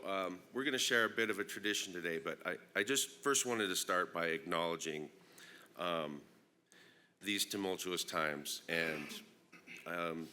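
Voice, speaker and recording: A man from Northern California, congested with a plugged-up nose, giving an unhurried, reflective opening talk at a conference with many ums. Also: low-pitched, pushed and bright, slight background noise. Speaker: invited opening speaker. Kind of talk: personal address at a conference plenary.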